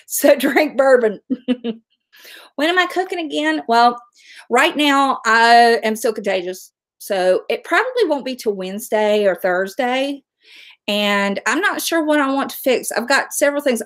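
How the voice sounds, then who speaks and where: A middle-aged woman, hosting a casual livestream, chatting and answering viewer comments. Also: a little high. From West Virginia, USA. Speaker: livestream host.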